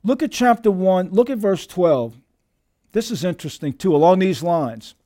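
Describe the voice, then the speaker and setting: Preaching as a pastor, this man keeps a moderate pace while his pitch and volume rise and fall in lively, emphatic waves. "Dear friends" is how he frequently addresses those listening.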